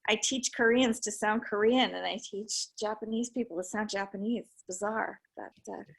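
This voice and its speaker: A woman guest chatting casually on a video call, animated and laughing often. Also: medium pitch, moderate pace, vocal fry. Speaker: guest, former cast member.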